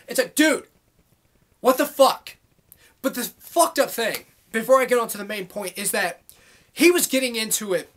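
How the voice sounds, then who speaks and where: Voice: mid-range voice, fairly bright tone. A vlogger delivering a heated, rambling monologue to camera, swearing constantly and full of filler words. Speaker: YouTube vlogger. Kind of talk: angry monologue rant to camera.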